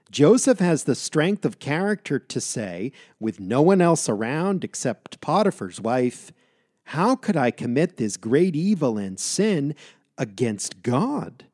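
Lively-voiced man teaching from the Bible. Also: mid-range voice, no echo, clean studio sound. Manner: measured, emphatic on key words. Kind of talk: Bible reading with commentary.

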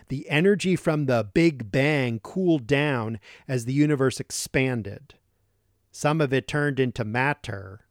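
A man hosting a Christian radio broadcast, delivering a scripted Bible teaching in a deliberate way and slowing down to stress key words. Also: medium pitch, no room sound, clean studio sound.

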